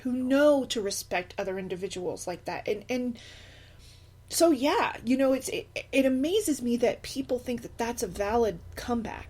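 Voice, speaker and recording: A woman's voice: on the high side, darkish tone, slightly rough. A middle-aged woman who is a single mother, talking through a podcast monologue in an impassioned, indignant way, with many fillers and restarts. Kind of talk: unscripted personal podcast monologue.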